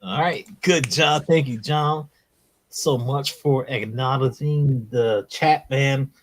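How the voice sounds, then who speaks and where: Man, laid-back, relaxed host, casual live-stream chat. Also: medium pitch, slow, a little hiss or hum. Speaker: comic book show host.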